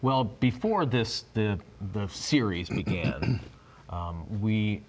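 A man in his fifties, a guest on a talk show, telling a story in a halting way with frequent restarts. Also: fairly low pitch, expressive. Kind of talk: casual storytelling.

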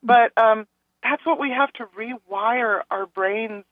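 A woman calling into a radio show, talking earnestly and rambling a little, acting out other people's words in animated asides. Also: a little high, slow, dry recording. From Texas. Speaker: caller. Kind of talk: call-in radio chat. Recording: tinny phone line.

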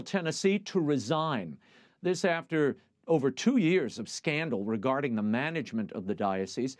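A man hosting a broadcast program, reading the news and interviewing a guest in a measured newsreader manner. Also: a little high, no room sound. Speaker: TV host.

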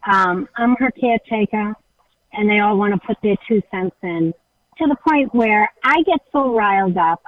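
A woman's voice: a little high, no echo, phone-quality sound. A woman calling an advice show, frank and exasperated, laughing as she talks. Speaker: caller, caretaker of her mother. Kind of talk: phone call to advice show.

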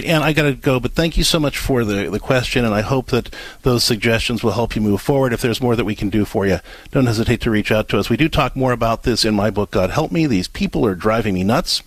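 A man's voice: fairly low pitch, slightly rough, no room sound, low-quality recording. A man hosting a call-in advice show on radio, speaking earnestly and restarting his sentences often. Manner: earnest, halting with many restarts. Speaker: radio host and counselor.

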